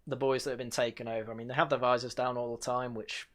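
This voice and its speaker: A man's voice: medium pitch, little pitch movement, fast. Sarcastic man hosting a review stream. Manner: sarcastic, frequent fillers and sighs, mocks by quoting. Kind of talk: casual sardonic review chat.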